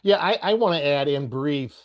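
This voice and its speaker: A man's voice: a little high, expressive, moderate pace. An older man hosting a panel discussion, speaking in an affirming way and often murmuring agreement. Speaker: panel host.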